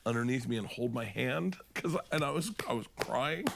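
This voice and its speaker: A young man from Florida hosting a podcast, telling stories in casual chat, animated and swearing often. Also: brisk, gravelly, noisy background. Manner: animated, profane, acts out quotes in jumping pitch. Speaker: podcast host.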